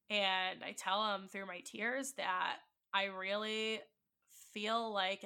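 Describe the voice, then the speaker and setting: A woman's voice: medium pitch, gravelly, pushed and bright. A woman in her twenties, a podcast host, telling a personal heartbreak story with emotion and swearing, acting out both sides of the dialogue. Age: 20s. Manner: emotional, swearing, quoting dialogue with rising intensity.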